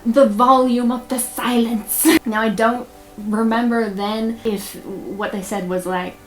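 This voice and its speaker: A woman's voice: a little high, steady tone, slow pace, faint music behind. Candid young woman vlogger, rambling. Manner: candid, rambling, with frequent "like" fillers and nervous laughs. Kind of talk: personal confessional vlog.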